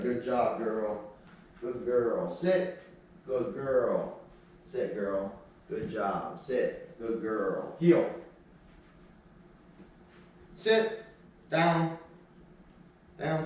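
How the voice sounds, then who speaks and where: A man's voice: fairly high pitch, distant mic. A man working as a dog trainer, talking casually while he demonstrates and barks short commands at a dog. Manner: plain-spoken, gives sharp short commands to a dog. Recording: very echoey room, voice from off-mic.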